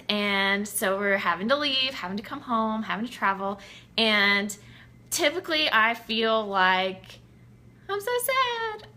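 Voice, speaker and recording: A woman's voice: fairly high pitch, bright, forceful tone. A woman, chatting casually on a live stream, upbeat and playing out her own thoughts in little voices. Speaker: life coach vlogger.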